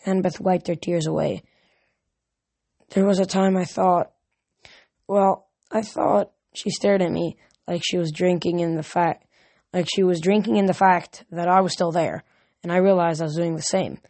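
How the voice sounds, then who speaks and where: A woman's voice: lowish voice, steady tone, brisk, warm tone. A woman reading a novel aloud earnestly, now and then stumbling and correcting a word. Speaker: reader.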